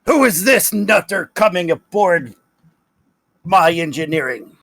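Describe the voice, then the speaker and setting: A man putting on a gruff, scornful starship engineer. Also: sits high, big pitch swings, a little slow, no echo, clean studio sound, full character voice. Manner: loud, scornful heckling.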